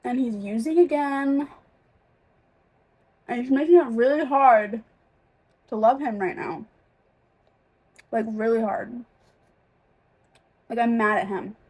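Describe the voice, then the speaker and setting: A woman's voice: fairly high pitch, slow pace, long pauses, darkish tone, slightly rough. Emotional rambling young woman vlogger. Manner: emotional, rambling, many fillers and restarts. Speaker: reading vlogger. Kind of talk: casual vlog chat.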